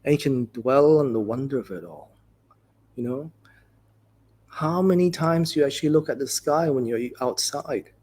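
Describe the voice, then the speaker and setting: With a soft, breathy, slightly husky voice at a mid male pitch, a Buddhist teacher offers a dharma talk at a moderate pace. He's expressive and gentle, telling stories conversationally with relaxed fillers and frequent "you know"s.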